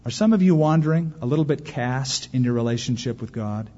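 Man preaching in a reverberant hall. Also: mid-range voice. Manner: animated preaching with acted-out quotes and dramatic pauses. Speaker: pastor. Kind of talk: sermon. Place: large church auditorium. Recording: muffled recording in a large reverberant hall.

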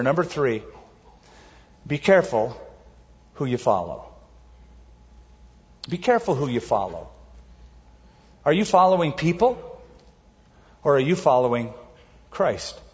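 A man preaching a sermon as a pastor, emphatic, slowing down to stress key words. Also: fairly high pitch, expressive. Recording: dull audio with long hall reverb.

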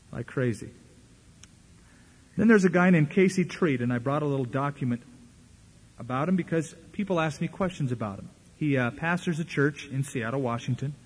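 A man's voice: on the high side, slightly rough. A male pastor preaching a sermon, making dry, mocking asides.

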